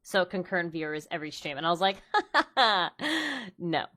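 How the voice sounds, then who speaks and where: A young woman streamer in casual chat, animated, laughing often and acting out quoted dialogue. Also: on the low side, very fast. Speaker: streamer host.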